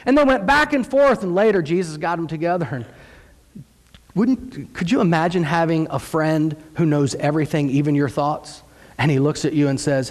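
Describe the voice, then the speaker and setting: Animated high-voiced male preacher in a hall. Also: moderate pace. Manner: animated storytelling, acting out quoted voices with rising pitch. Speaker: pastor. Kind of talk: sermon. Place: church sanctuary.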